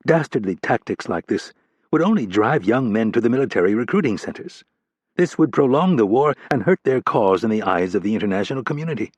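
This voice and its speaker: Husky low-voiced man narrating. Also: expressive, fairly quick, darkish tone, dry recording, highs cut off. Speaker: audiobook narrator. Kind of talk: scripted audiobook narration.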